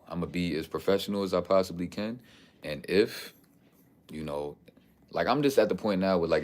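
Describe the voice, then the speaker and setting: Deep-voiced streetwise Bronx man vlogging. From the Bronx, New York. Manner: streetwise, preachy storytelling with lots of "you know what I'm saying". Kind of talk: casual talking-head vlog.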